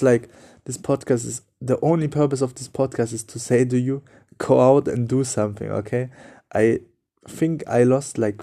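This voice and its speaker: This solo podcast host is a young man who isn't a native English speaker, offering motivational talk in an earnest, repetitive, loosely worded way. He has a warm, medium-pitched voice with some vocal fry.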